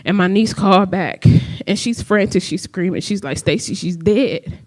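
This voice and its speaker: A middle-aged woman tells a personal story to an audience, speaking conversationally at medium pitch and moderate pace. She acts out the lines of the people in her tale, with soft music playing in the background.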